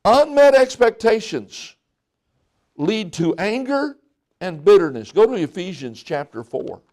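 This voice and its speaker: A middle-aged male pastor with a high-pitched, darkish, sing-song voice preaches a folksy sermon at an unhurried pace. He jokes with the congregation and acts out little exchanges between people.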